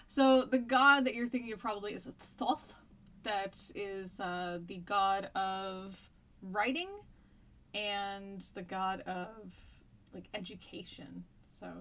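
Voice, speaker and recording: On a live stream, an American woman with a medium-pitched voice teaches a history lesson, chatting and rambling with plenty of ums. She has a stuffy nose and coughs, and there's a little hiss or hum.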